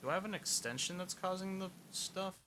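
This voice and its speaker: A man's voice: high voice, fairly quick, sharp tone, a little hiss or hum. A young man chatting casually while streaming a game, rambling and poking fun at himself as he mutters along. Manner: rambling and self-mocking, mutters while playing. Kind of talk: casual gameplay chat.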